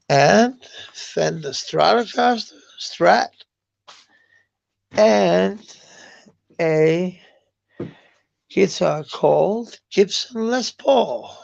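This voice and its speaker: High-pitched and creaky, this streamer rambles loosely through a live chat, swearing frequently and cracking up at viewer comments, all in muffled lo-fi audio.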